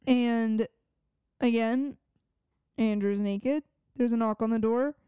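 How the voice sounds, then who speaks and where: A woman's voice: a little high, steady tone, slow pace, dark tone, smooth, no room sound, studio quality. A woman co-hosting a podcast, recapping a TV episode in blunt, casual chat with some swearing. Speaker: podcast co-host.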